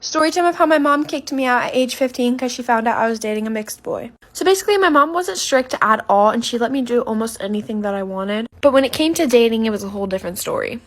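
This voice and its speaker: A nineteen-year-old woman telling a personal storytime, rapid and emphatic. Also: a little high. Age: about 19. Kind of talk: storytime video.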